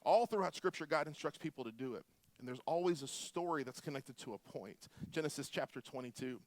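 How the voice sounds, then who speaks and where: Male pastor, 40s, from Florida; slightly high, storytelling sermon, dry mic. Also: a little fast, no echo. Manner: animated, humorous storytelling with quiet prayer.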